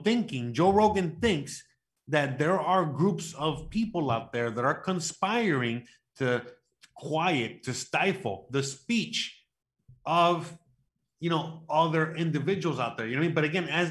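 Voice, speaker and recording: A man's voice: fairly high pitch, fairly bright tone. A man in casual podcast chat who rambles through fillers and swears freely. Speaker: podcast co-host.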